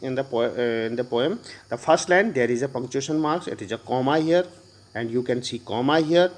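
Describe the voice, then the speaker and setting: Male English teacher, Indian English accent, slightly high voice, halting explanatory classroom delivery. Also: darkish tone. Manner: explains slowly with many pauses and fillers. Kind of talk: classroom poetry lesson.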